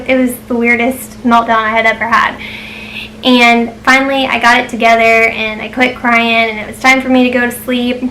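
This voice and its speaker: Bright-voiced chatty young woman. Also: fairly high pitch, slight background noise, low-quality recording. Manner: chatty, many ums and likes. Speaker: vlogger. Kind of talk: casual storytelling to camera.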